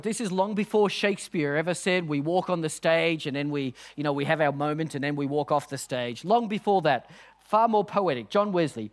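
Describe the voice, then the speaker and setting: A man's voice: a little high, moderate pace. A male pastor, preaching an earnest, emphatic sermon and reading quotations aloud.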